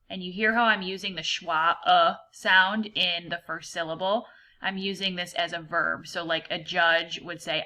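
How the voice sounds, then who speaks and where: Woman teacher going over reading words, slightly low voice but bright and crisp, patient and clear. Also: steady tone. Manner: patient, explains pronunciation slowly and clearly. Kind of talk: recorded reading lesson for students.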